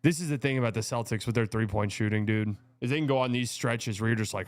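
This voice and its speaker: A man hosting a live watch party, reacting excitably to plays and chatting between them. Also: mid-range voice, fast talker, few pauses, smooth, no echo. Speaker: show host.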